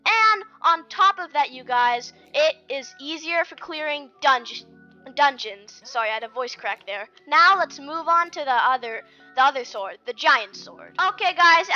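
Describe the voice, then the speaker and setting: Woman for a casual gameplay walkthrough, high bright voice, rambling and filler-heavy delivery; dull lo-fi mic with faint music underneath. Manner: rambling, with many fillers and restarts. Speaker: gaming video creator.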